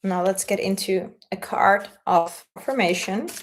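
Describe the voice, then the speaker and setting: A woman hosting a casual spell-craft tutorial, explaining things in a gentle, unhurried way. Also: medium pitch, a little hiss or hum. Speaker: spiritual content host.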